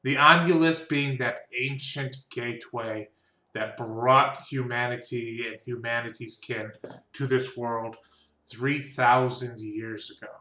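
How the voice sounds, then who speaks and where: A man's voice: mid-range voice, fairly even intonation, slow pace, pushed and bright, roomy sound. A man narrating a tabletop game as game master, chatty, laughing easily and stumbling over names.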